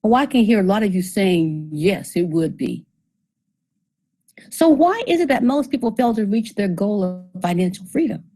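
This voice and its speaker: In poor audio, a woman with an animated, mellow mid-range voice talks a little fast, barely pausing. She's giving a debt seminar, breaking down the numbers step by step, questioning the audience, and delivering some points with dry sarcasm.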